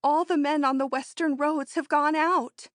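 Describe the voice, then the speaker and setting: A woman reading an audiobook, voicing a bold, excitable rich young woman in an eager, emphatic way. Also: normal speed, dry recording, studio quality. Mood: excited. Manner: eager, emphatic, high-strung.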